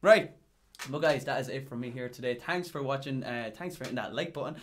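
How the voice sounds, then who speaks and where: An Irish man, a music teacher, chatting casually in a reaction video, getting excited and breaking into high exclamations. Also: a little fast, a little hiss or hum. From Ireland. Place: home recording room. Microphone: headphones with a desk mic.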